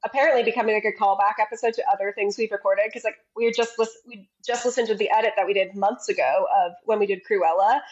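Woman, mid pitch, muffled lo-fi mic; musing co-host, halting delivery. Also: steady tone, darkish tone. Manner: musing, searches for words with many fillers. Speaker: podcast co-host. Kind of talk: casual podcast chat. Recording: dull lo-fi mic.

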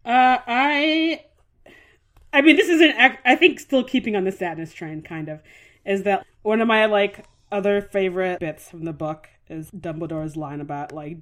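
A woman's voice: mid-range voice, fairly even intonation, normal speed, a bit bright. Frank, sweary woman co-host. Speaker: podcast co-host. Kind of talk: casual podcast chat.

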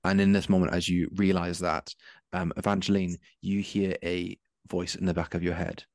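A man with a low voice runs a tabletop game as game master, describing the action in a loose, searching way full of ums. His voice is deep and sits in a dry, close space. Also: little pitch movement, normal speed, a little mellow, dry recording. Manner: descriptive, with frequent um and uh.

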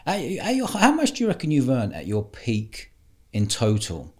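A man's voice: medium pitch, huge pitch swings, normal speed, a little mellow. A man hosting a podcast interview, asking probing questions between short backchannels. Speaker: host.

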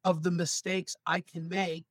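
A male stand-up comedian from Los Angeles, telling stories with animated asides in a casual podcast chat. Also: high-pitched, unhurried, slightly rough, dry recording. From San Fernando Valley, Los Angeles.

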